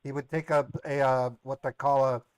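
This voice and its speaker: A man's voice: mid-range voice, little pitch movement, normal speed, a little mellow, smooth, no room sound. A man playing a flustered, indignant victim on a prank call, protesting his innocence in long defensive runs. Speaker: scambaiter posing as a caller. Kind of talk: prank call role-play.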